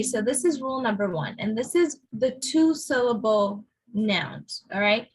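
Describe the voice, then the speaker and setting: A woman's voice: on the high side, poor audio. A woman teaching a class pronunciation lesson. She models words for the students to repeat and often checks in with "right?".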